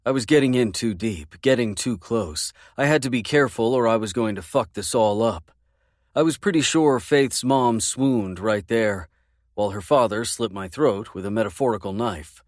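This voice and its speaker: A man narrating a first-person romance audiobook in a measured, intimate way. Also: fairly low pitch, dry recording, clean studio sound.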